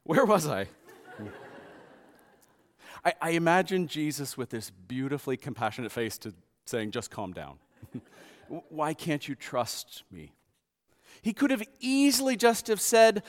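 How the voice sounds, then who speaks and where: Man preaching with lively pitch in a hall. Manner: expressive, acts out quotes softly and loudly. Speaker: pastor. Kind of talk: sermon.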